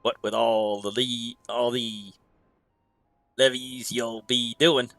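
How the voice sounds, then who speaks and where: A man's voice: medium pitch, flat delivery, takes it slowly, a bit bright, dry recording, soft background music. A man voicing a wry, scheming male pirate innkeeper from a game, reading the dialogue in old sea-dog dialect.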